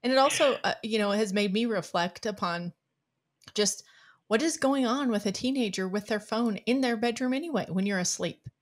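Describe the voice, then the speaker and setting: A middle-aged woman hosting a podcast interview, chatty and animated, often restarting her sentences. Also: medium pitch, moderate pace. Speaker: podcast host. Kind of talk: conversational interview.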